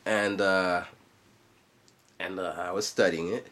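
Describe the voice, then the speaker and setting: A man's voice: low voice, fairly even intonation, slow, a bit bright. A man in his forties, a vlogger and musician, chatting casually in a loose, rambling way full of asides. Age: 40s. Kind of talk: casual vlog chat.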